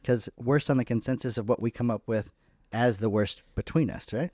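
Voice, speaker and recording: A man's voice: medium pitch, a little fast, dark tone. A man hosting a casual podcast, laid-back and swearing now and then as he runs a wine tasting. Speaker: podcast host. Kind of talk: casual chat.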